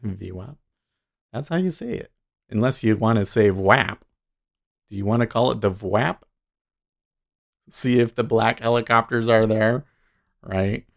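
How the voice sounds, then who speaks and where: A man's voice: on the low side, moderate pace, vocal fry, long pauses. A man hosting a casual livestream. He is chatty, laughs often and trails off mid-thought. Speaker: streamer and day trader.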